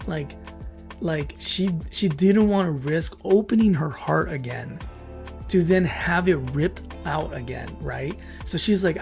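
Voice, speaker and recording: A man hosting a livestream, telling a story in casual, excited, rambling chat full of fillers and emotional outbursts. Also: fairly high pitch, a little slow, vocal fry, faint music behind. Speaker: streamer and channel host.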